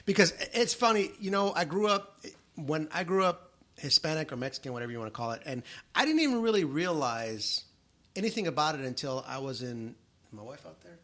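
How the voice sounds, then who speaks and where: Middle-aged man, podcast host, casual storytelling, acts out quoted voices, a bit high-pitched. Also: a little fast. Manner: animated, acts out quoted voices in his stories.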